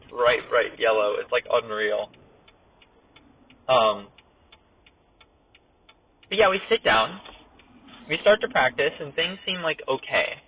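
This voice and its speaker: A young man casually telling a story while driving, rambling with lots of "like" and chuckles. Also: mid-range voice. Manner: rambling, heavy use of "like", laughs while telling. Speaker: podcast host. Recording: tinny phone-like audio with faint noise.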